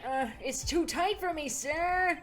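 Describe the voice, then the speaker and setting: A woman voicing a loyal, eager male police detective from a game, loud and earnest. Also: high voice, slow pace, faint music behind, voice pushed up.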